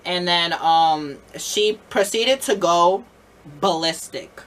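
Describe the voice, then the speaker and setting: A young adult man telling a casual storytime about managing a store, animated, full of "like" fillers and swearing as he acts out both sides. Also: high-pitched, slow pace.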